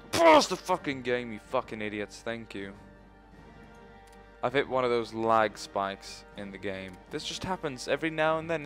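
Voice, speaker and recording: A man's voice: on the low side, fairly bright tone. A young man commentating his own strategy game playthrough, rambling and swearing often. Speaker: let's play host. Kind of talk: gaming commentary.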